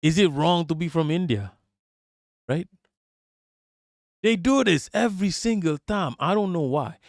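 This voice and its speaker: A man's voice: a little high, expressive, measured pace, dry recording, clean studio sound. Profane ranting man. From Malaysia. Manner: profane, mocking, indignant. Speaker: streamer. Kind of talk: live-stream commentary rant.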